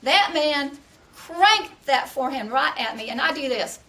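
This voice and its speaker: A woman's voice: sits high, lively intonation, measured pace, sharp tone, raised voice, recorded from a distance, a little hiss or hum. A middle-aged woman from Texas, giving a humorous tall-tale speech and laughing through her punchlines. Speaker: contest speaker.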